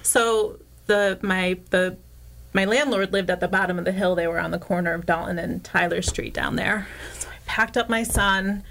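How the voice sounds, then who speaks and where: A woman talks through a personal story in a relaxed, conversational way. She leans on fillers like "like" and "you know" and slips into lively quoted dialogue, her voice lifting as she plays the people in the story. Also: moderate pace, vocal fry, low-quality recording. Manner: animated, acts out quoted dialogue with rising pitch. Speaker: interview guest.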